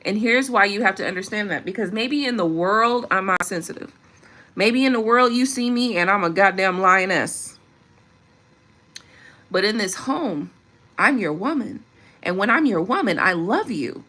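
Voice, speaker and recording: A woman delivers an unscripted vlog monologue in a bright, forceful voice. She talks emphatically and preachily and swears freely. Her pitch sits in an ordinary middle range for a woman. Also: animated, normal speed. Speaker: vlogger.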